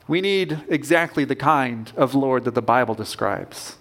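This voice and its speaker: A man's voice: medium pitch, lively intonation, unhurried, a bit bright. A man preaching a sermon as pastor, earnest and emphatic, with rising bursts of conviction.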